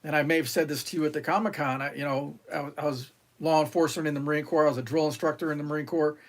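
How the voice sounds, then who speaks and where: This middle-aged New York man, a retired Marine, is a podcast guest whose voice sits a little high for a man. He delivers long, rambling stories full of fillers and restarts, acting out the others' lines, all rapid-fire and in a steady tone, in a casual interview storytelling style.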